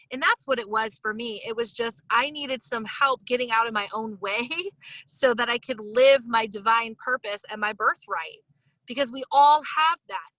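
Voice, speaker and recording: A woman hosting a casual interview chat, talking in an emotional, enthusiastic and expressive way. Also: on the high side, moderate pace, dry recording, rough recording. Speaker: podcast host.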